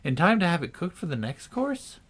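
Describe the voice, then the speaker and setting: A man's voice: on the high side, big pitch swings, a little fast, breathy edge, voice pushed up. A man reading a storybook, voicing a polite and curious young girl with a prim, questioning manner.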